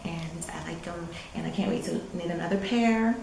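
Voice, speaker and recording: A woman's voice: on the low side, normal speed, vocal fry, roomy sound, noisy background. A woman co-hosting a podcast, chatting with enthusiasm about her knitting and often trailing off. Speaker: podcast co-host. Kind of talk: casual chat about knitting.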